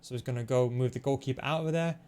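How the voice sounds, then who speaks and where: A man giving fast, analytical play-by-play commentary over his own football video game match, explaining tactics with frequent fillers. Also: mid-range voice, a little mellow, clean tone. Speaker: gaming tutorial host. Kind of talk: gameplay commentary.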